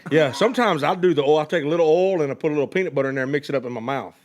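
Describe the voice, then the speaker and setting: A man's voice: a little high, racing. A man hosting a podcast interview, joking and laughing often in casual banter. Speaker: podcast host.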